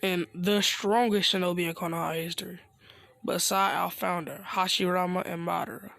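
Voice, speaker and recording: A man voicing a calm village leader explaining things to a boy in a fan-made story. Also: high-pitched, normal speed, vocal fry, no echo, exaggerated voice.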